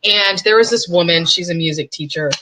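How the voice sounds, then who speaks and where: A young woman speaking candidly and with firm opinions as a podcast host, mimicking other people in high, mocking voices. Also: fairly quick, noisy background. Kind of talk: casual commentary.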